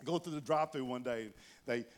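A man's voice: medium pitch, a little fast. A man preaching a conversational sermon to his congregation, telling folksy stories and speaking straight to the listeners. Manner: folksy storytelling, addresses the congregation directly; animated, rises and drops in loudness for emphasis. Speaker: pastor.

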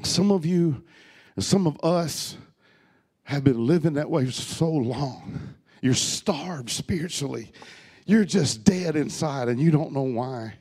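A man preaching a sermon to his congregation, swinging from loud urging to soft, hushed storytelling. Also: fairly high pitch, expressive, takes it slowly, husky, no room sound. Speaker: pastor. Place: church hall with a congregation.

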